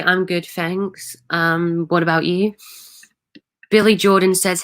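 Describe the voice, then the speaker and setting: Woman chatting on her stream, kinda low voice, lots of ums and restarts. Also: steady tone, a little slow, fairly bright tone. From Manchester, England. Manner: hesitant, many ums and restarts. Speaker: livestream host. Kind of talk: casual livestream chat, reading viewer comments.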